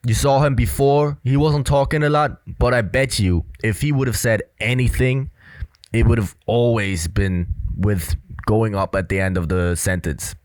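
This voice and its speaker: A man's voice: medium pitch, darkish tone, no echo. Earnest young man explaining body language. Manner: earnest, repetitive, filler-heavy explaining. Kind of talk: casual video commentary.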